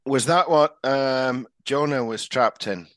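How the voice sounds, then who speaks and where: A man with a middle-pitched voice tells self-deprecating stories in a chatty, rambling way. He co-hosts a comedy podcast, and his voice is recorded dry and close. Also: slow pace, a bit bright, dry recording. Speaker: podcast co-host.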